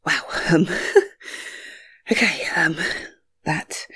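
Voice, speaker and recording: A young adult woman in an intimate whispered role-play, sighing and giggling softly with a breathy voice. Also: low-pitched, drawn-out words, long pauses.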